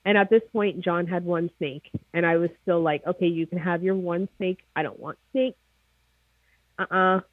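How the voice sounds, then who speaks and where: A woman with a Maritime Canadian accent, a snake breeder chatting as a guest in a casual livestream interview, excitable and jokey. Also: lowish voice, moderate pace, dry recording. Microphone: video call. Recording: tinny phone-like video call line.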